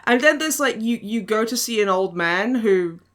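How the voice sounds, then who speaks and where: A woman's voice: fairly high pitch, expressive, moderate pace, fairly bright tone. A woman hosting a podcast in casual chat, sardonic and giggly, with frequent swearing. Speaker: podcast host.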